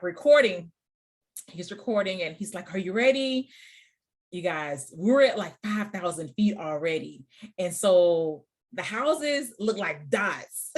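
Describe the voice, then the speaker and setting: A woman in her thirties hosting a podcast, telling a personal story in a casual, chatty way, often laughing and talking straight to her listeners. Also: medium pitch. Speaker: podcast host.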